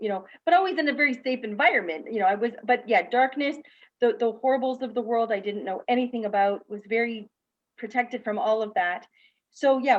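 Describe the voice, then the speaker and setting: This is a woman with a medium-pitched voice, captured in lo-fi sound. As a guest speaker and teacher on a video call, she gives a frank personal story at a panel talk and performs the voices of the people in it.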